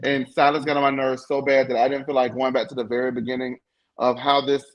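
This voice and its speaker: A man's voice: mid-range voice, level tone, fast, muffled recording. A man hosting a live recap panel, talking in a sassy, playful way, breaking into chants and teasing his co-hosts. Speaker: panel host.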